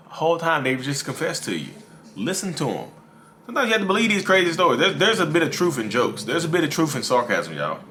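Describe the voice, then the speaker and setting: A man's voice: medium pitch, big pitch swings, a little fast, sharp tone. A man hosting his own channel, talking casually to camera, repeating himself and calling his viewers "y'all". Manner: repetitive, addresses viewers as "y'all". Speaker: YouTube host talking about narcissism.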